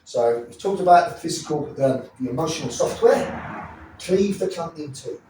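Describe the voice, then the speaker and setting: A man's voice: on the high side, expressive, moderate pace, warm tone, distant mic, slight background noise. A man teaching self-defense moves, blunt and profane, often checking in with the listener. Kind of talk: demonstration teaching. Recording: echoey room, off mic, faint ambience.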